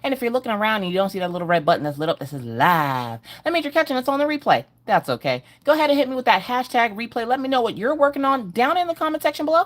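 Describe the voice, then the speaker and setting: A woman's voice: on the high side, big pitch swings, fast, few pauses. A middle-aged woman hosting a casual livestream from home, greeting viewers by name in a sing-song way. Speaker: livestream host.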